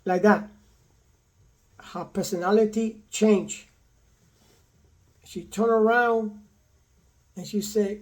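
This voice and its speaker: An older man casually telling a personal story in a repetitive, animated way, quoting the people in it. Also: high-pitched, slow pace, pauses often. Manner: repetitive, animated retelling with acted quotes. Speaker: vlogger telling his own story.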